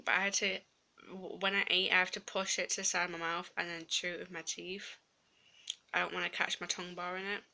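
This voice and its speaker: Young woman, lisp from a swollen tongue, bright, low-pitched, rambling vlog chat. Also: level tone, a little fast, gravelly. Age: young adult. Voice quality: slight lisp from a tongue piercing. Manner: chatty, filler-heavy, rambling. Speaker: vlogger. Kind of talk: casual vlog.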